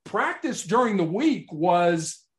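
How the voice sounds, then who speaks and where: Animated middle-aged man telling stories. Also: sits high, takes it slowly. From Chicago, United States. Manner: animated storyteller, acts out quotes. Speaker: guest, motivational speaker. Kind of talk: storytelling interview talk.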